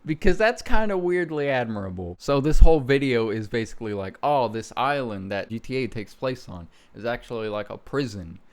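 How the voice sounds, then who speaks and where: A young man in casual commentary, poking fun at himself with a dry, joking edge. His voice sits at an average pitch. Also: animated, brisk, few pauses. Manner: self-mocking, joking, laughs at himself. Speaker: YouTuber host. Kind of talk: casual commentary on old videos.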